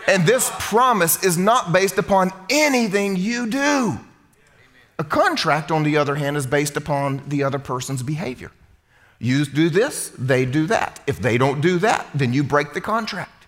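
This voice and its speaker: Male pastor, high voice, animated sermon, questions to the congregation, church, long reverb. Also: moderate pace. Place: church sanctuary.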